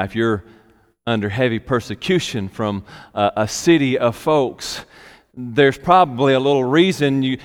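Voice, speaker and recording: A man preaching a sermon as a pastor, slow and emphatic, repeating key phrases for weight. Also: medium pitch, clear, resonant tone. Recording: long hall reverb.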